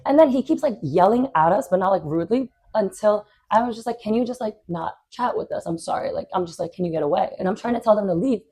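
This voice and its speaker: A young woman co-hosting a casual podcast, her voice sitting at an ordinary middle pitch. She tells stories in an animated, blunt way, with a steady stream of fillers and the odd swear. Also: fast, few pauses, breathy edge. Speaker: podcast co-host. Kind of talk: casual storytelling chat.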